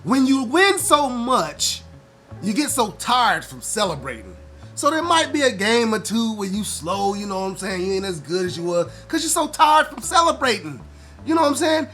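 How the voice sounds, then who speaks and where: Man, vlog host, slightly high voice, teasing, faint music behind. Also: moderate pace. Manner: loud trash-talking teasing, rising high when excited; relaxed and conversational when explaining. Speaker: vlogger host. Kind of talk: casual chat to the camera.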